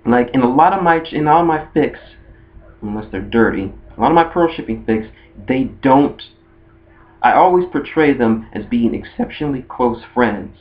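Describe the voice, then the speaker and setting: A man talking casually about a cartoon ship in a rambling way, often restarting his sentences. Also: medium pitch. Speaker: anime fan video host. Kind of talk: casual fan monologue. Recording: dull lo-fi recording.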